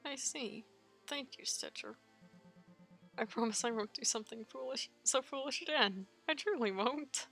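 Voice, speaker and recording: A woman's voice: high-pitched, normal speed, a bit bright, slightly rough, soft background music, voice pushed up, full character voice. A woman voicing a shy, sensitive male spirit suitor in a game playthrough, earnest and apologetic. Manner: earnest, apologetic, tearful pleading.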